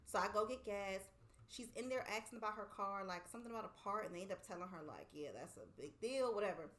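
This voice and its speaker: A woman's voice: medium pitch, fast talker. A woman co-hosting a casual podcast, telling a story with lots of swearing and acted-out quotes. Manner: animated storytelling, swearing freely, acting out quotes. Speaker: podcast co-host. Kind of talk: casual chat.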